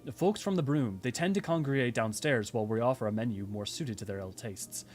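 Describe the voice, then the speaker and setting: A man voicing a gruff, plain-spoken tavern keeper. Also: darkish tone, faint music behind, close to an everyday voice. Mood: wry. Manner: plain-spoken, folksy, low and measured. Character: gruff male tavern keeper, middle-aged, blunt. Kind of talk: fan reading of game dialogue.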